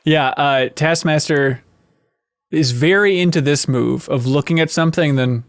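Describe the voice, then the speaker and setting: A man hosting a casual podcast chat, joking and chatty with quick asides. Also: on the high side, no echo, studio quality. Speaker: podcast host.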